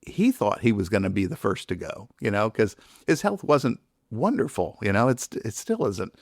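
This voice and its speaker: A man guesting on a podcast, talking haltingly and searching for his words. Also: lowish voice, sing-song, darkish tone, no room sound, studio quality. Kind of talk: casual podcast chat.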